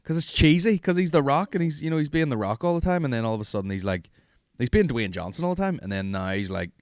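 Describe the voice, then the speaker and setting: A man's voice: mid-range voice, lively intonation, quick pace, smooth, no echo, clean studio sound. A man, hosting a podcast in rambling, profane, jokey casual chat. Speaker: podcast host.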